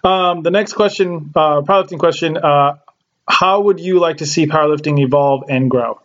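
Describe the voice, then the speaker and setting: A man's voice: fairly high pitch, normal speed, fairly bright tone. A man hosting a casual podcast chat, rambling with lots of fillers and casual swearing. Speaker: podcast host. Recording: lo-fi dull sound.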